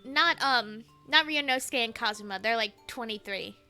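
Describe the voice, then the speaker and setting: A woman's voice: a little high, moderate pace, sharp tone, soft background music. A woman streamer chatting casually with a friend, rambling and giggly as she recaps a game's story. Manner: giggly, rambling, swears freely. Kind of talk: casual let's-play chat.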